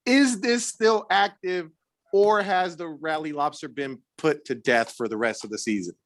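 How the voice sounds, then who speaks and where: Hyped-up guy on a podcast, kinda high voice, dry close sound. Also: moderate pace, fairly bright tone, no echo. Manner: hyped, slangy sports talk. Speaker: podcast co-host. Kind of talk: casual chat.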